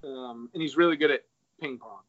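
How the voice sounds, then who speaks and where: A man's voice: mid-range voice, a little fast, a bit bright. A man in casual chat, retelling an essay and reading quoted passages aloud. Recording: dull lo-fi recording.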